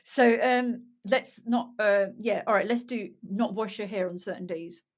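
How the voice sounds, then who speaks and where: A woman's voice: medium pitch, unhurried. A woman in her thirties with Punjabi as a first language, co-hosting a podcast in casual chat, searching for words and laughing often. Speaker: podcast co-host.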